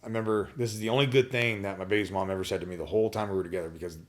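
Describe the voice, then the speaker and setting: A man with a very low, deep voice tells a personal story on a podcast. He talks bluntly and swears freely. He often stops and restarts his sentences. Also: fairly even intonation. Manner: blunt, profane, halting with restarts. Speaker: podcast guest.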